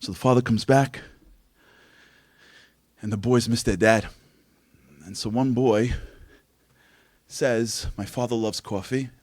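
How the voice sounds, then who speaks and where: A man giving a religious motivational talk, telling stories in an animated way and acting out voices. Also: medium pitch, slow, long pauses, no room sound. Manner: animated storytelling, acts out voices. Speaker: speaker.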